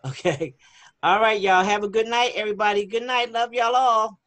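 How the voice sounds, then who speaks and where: A woman's voice: medium pitch, normal speed, fairly bright tone. A woman leading a children's class over a video call, chatty and encouraging as she reads the chat aloud. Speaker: online youth class leader. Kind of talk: casual online class for kids.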